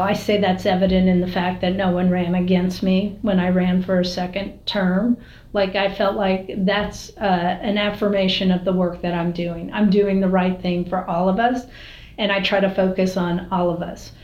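A woman's voice: mid-range voice, a little mellow. Woman mayor chatting in a roomy space. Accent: American. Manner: candid, storytelling, frequent fillers and restarts. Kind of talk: casual interview talk. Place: city hall office. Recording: roomy, slightly dull recording.

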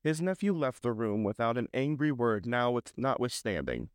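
A man narrating a classic story in a measured reading style, with small slips. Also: mid-range voice, sing-song, clear, resonant tone, no room sound, studio quality.

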